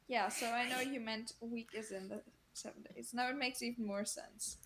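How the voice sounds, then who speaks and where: A woman co-hosting a podcast, telling a story in a casual, animated, self-deprecating way. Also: on the high side, moderate pace. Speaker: podcast co-host. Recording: echoey room with faint noise.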